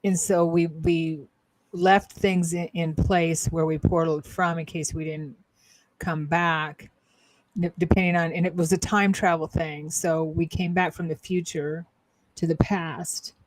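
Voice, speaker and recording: A woman's voice: fairly low pitch, level tone, unhurried, noisy background. A woman co-hosting a casual spiritual talk show as a psychic-medium, telling her story in a rambling, hesitant way with many fillers and restarts.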